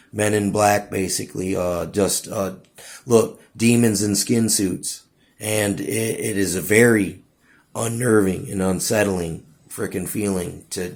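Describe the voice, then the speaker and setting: A man with a low, gravelly voice talks in a loose, rambling monologue. He trips over his words, restarts sentences, and keeps dropping "dude" and "you know what I'm saying.". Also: a little mellow. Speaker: vlogger.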